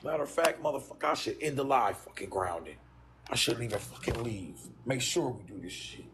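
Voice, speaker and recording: A man hosting a livestream, talking in a blunt, profane, animated rant. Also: mid-range voice, brisk, noisy background. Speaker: livestream host. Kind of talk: casual ranting livestream.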